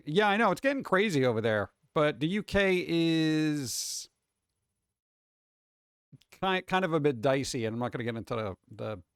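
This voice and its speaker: A man's voice: mid-range voice, no echo, studio quality. Rambling man chatting on a live stream. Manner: rambling, greets chat viewers one by one. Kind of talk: casual livestream chat.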